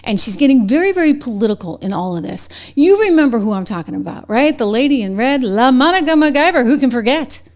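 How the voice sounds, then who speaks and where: A woman with a New England accent hosting a commentary show, talking in a chatty, animated way and laughing between points. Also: sits high, quick pace, few pauses. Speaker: show host. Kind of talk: commentary with a sponsor read.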